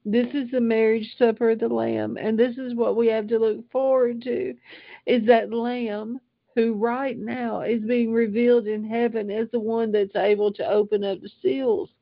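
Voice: mid-range voice, little pitch movement, normal speed, vocal fry, no echo, muffled recording. An older Bible teacher reading scripture aloud and stopping often for heartfelt asides.

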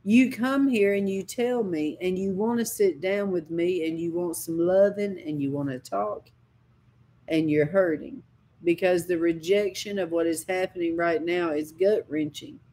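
Slow, impassioned woman preacher. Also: on the low side, fairly even intonation, dark tone, a little hiss or hum. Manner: impassioned, dramatic storytelling with sudden cries. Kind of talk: sermon with personal testimony.

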